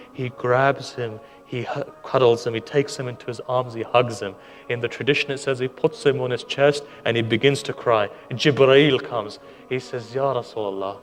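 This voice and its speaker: A man preaching a sermon, telling stories with quoted dialogue and rhetorical questions, moving between loud urging and hushed sorrow. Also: mid-range voice. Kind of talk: sermon storytelling.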